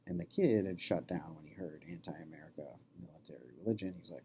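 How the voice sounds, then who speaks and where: A man's voice: low voice, sing-song, fast talker, creaky, mellow, slight background noise. A man who is a college professor, talking casually to his class and telling a story, loose and conversational with plenty of fillers. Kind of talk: classroom lecture with anecdote.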